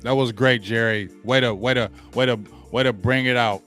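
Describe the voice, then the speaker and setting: A man's voice: medium pitch, steady tone, normal speed, a bit bright, soft background music. A man hosting a sports talk show, giving blunt, slangy opinions and repeating points for emphasis.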